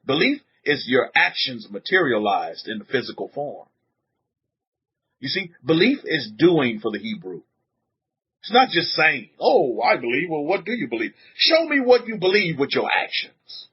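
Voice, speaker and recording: A man preaching a sermon to a congregation, animated, repeating words and putting questions to the room, on a dull lo-fi recording. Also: fairly high pitch, moderate pace, breathy edge. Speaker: rabbi teaching a congregation.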